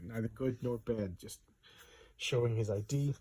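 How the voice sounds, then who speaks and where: Husky man in his fifties, rambling comic-book vlogger, fond and chatty. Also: mid-range voice, unhurried, dark tone. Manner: enthusiastic, rambling with fillers and asides. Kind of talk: casual page-by-page commentary.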